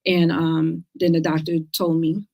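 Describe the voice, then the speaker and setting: A woman's voice: low-pitched, level tone, unhurried, creaky, mellow. A middle-aged woman, hosting a casual talk show and speaking earnestly and emphatically, repeating words to stress her points. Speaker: host of a cancer talk show.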